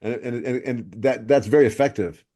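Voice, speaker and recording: A man hosting a podcast in casual chat, halting and repeating words. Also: medium pitch, warm tone. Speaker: podcast host.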